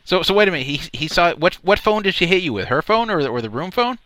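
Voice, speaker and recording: A man's voice: sits high, big pitch swings, quick pace, pushed and bright. A man hosting a radio show, telling a long story in casual chat, rambling and repeating words as he goes.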